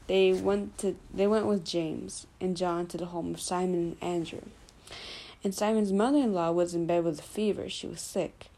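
A woman with a slightly low, mellow voice walks through a Bible passage in a relaxed, informal way. She talks loosely and stops to correct herself. She fills pauses as she thinks aloud. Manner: loose and conversational, with fillers and self-corrections. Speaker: Bible study presenter. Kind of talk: casual retelling of scripture.

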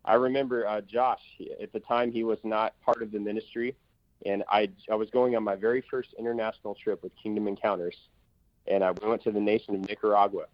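In a muffled recording with no room sound, an evangelist with a lowish voice and little pitch movement shares his testimony on a talk-show interview. He tells his stories emphatically and rapidly, with plenty of fillers.

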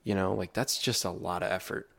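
Low-voiced laid-back podcast guy. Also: fairly even intonation, a little fast, gravelly. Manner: laid-back storytelling with filler words. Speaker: podcast co-host. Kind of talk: casual chat. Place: New York City area.

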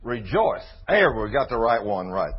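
Folksy preacher man, husky. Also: mid-range voice, sing-song. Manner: folksy, reads scripture slowly and emphatically. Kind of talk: informal Bible teaching. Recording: dull lo-fi sermon recording.

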